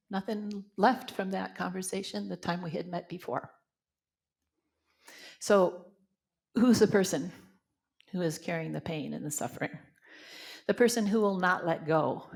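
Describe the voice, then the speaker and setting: A woman's voice: lowish voice, vocal fry, darkish tone. An older woman minister from Canada telling personal stories in a spiritual talk, acting out the voices she quotes, then leading a guided meditation.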